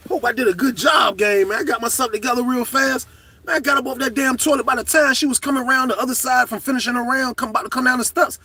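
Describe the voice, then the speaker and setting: A middle-aged man telling a story to camera in a casual, profane, animated way, shouting at the high points. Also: fast talker, breathy edge, recorded from a distance.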